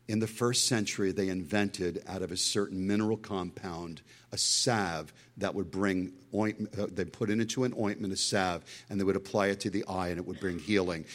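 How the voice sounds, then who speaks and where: A middle-aged male pastor delivers a sermon in a lowish voice. He preaches with strong emphasis, breaking off into stories and asides along the way.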